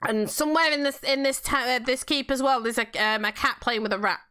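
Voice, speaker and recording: A woman's voice: high voice, fairly quick, pushed and bright, clear, resonant tone. A woman chatting casually while playing a game, telling stories and laughing often. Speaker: game streamer. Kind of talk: casual gameplay chat.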